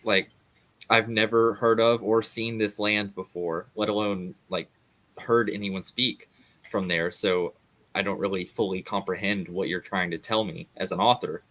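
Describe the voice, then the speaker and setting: A man's voice: on the low side, fairly even intonation, measured pace, pushed and bright. A man as a guest in a casual book discussion, speaking earnestly with many fillers.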